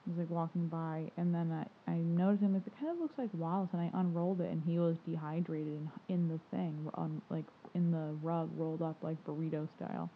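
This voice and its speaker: A woman's voice: sits low, brisk, few pauses. A woman in casual conversation, rambling through a dream story with lots of "like" fillers and easy laughter. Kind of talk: casual chat. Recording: tinny phone-like line with faint noise.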